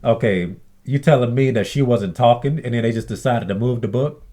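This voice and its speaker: A man's voice: medium pitch, a little fast, mellow. A man telling a story in a blunt, aggrieved casual rant, swearing often and acting out what others said. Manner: acts out others' lines in mimicked voices. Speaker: vlogger. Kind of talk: casual ranting monologue.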